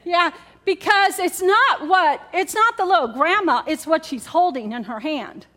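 A woman's voice: very high voice, measured pace, sharp tone. A woman pastor preaching a sermon to her congregation in a chatty way, repeating key words and asking the room questions. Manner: conversational, repetitive, asks the congregation questions. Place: church in front of a congregation.

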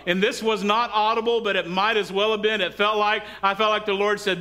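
A man's voice: high-pitched, a little fast, hardly any pauses. A middle-aged man preaching a sermon in a church, telling stories and asking the congregation for responses. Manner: lively storytelling, asks the congregation for responses. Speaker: pastor.

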